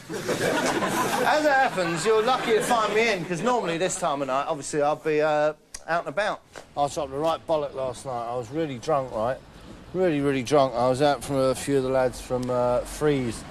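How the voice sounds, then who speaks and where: A comedian plays a character in this comic monologue: a boastful, dim male celebrity who name-drops, rambles, chats away, and keeps saying "right?" His voice sits at medium pitch and is lightly acted, with slight background noise.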